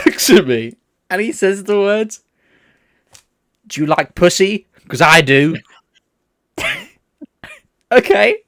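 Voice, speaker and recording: A man's voice: fairly high pitch, dry recording. Male co-host from England, casual anecdotal delivery, swears, dry sound. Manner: chatty anecdotes with swearing and laughter. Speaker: podcast co-host. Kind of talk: casual chat.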